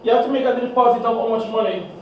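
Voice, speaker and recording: A man's voice: very high voice, very fast, darkish tone, slight background noise. A man teaching a math class, drilling students with constant "what?" prompts to fill in the answers. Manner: call-and-response questioning, fill-in-the-blank "what?" prompts. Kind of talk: classroom exam walkthrough. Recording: echoey room, distant, dull.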